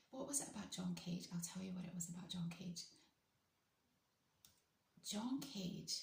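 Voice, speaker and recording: Softly whispering woman, gravelly and low. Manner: often drops into a soft whisper; chatty, enthusiastic. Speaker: vlogger. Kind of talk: casual talk to camera. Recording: roomy echo.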